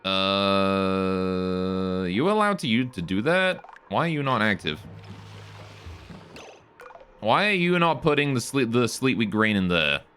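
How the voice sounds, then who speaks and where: A man's voice: on the low side, animated, slow, long pauses, a bit bright, faint music behind. A man streaming a game live, joking with his chat while he plays. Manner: joking, chats with viewers while playing.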